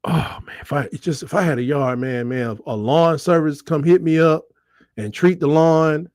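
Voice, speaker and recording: Middle-aged guy on a sports livestream, high voice, bounces all over, dry close sound. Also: moderate pace, dry recording. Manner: animated, joking, reads out chat comments and bursts into high squeals. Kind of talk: casual livestream commentary.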